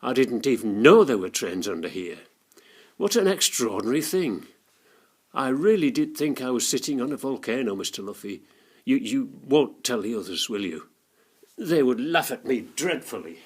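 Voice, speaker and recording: A man reading a children's story, voicing a frightened young girl with high panicky cries. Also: big pitch swings, normal speed, husky. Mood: relieved.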